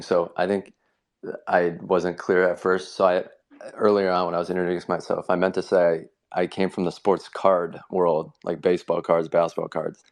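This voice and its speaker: A man's voice: sits low, creaky. A man speaking as a guest in a casual podcast discussion, laid-back with dry humor.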